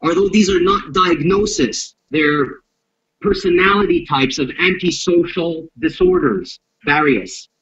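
Man, self-defense instructor, interview, blunt, profane, high-pitched, dull lo-fi audio. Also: measured pace. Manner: blunt, profane and animated, acts out confrontations. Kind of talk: interview talk explaining violence.

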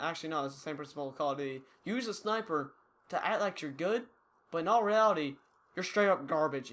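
A man's voice: a little high, fairly bright tone. A young man giving casual, rambling, self-mocking commentary over his own gameplay. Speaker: gaming YouTuber.

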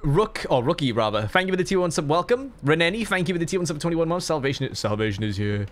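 A man's voice: fairly high pitch, sing-song, quick pace. A young man streaming a game, chatting casually, joking and thanking viewers. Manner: playful, reads out subs and jokes around. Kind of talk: casual live-stream chat.

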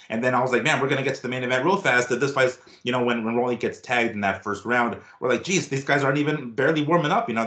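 A man's voice: on the low side, fairly bright tone, echoey room. Rambling, profane male boxing co-host. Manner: rambling, profane, many fillers and restarts. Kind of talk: casual chat.

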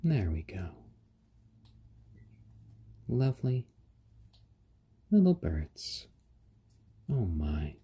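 A man hosting a casual live stream, chatting gently and cooing to his pet birds. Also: sits low, sing-song, drawn-out words, pauses often, husky. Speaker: stream host.

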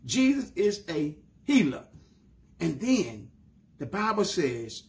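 A man with a Southern US accent preaching a sermon as pastor, with emphatic rising bursts and slow drawn-out lines. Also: high-pitched, big pitch swings, a little mellow.

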